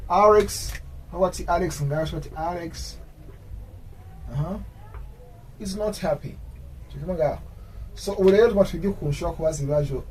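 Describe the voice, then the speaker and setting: A man teaching an English grammar lesson, explaining in his own language and repeating English example sentences slowly. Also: fairly high pitch, mellow, recorded from a distance, a little hiss or hum, poor audio.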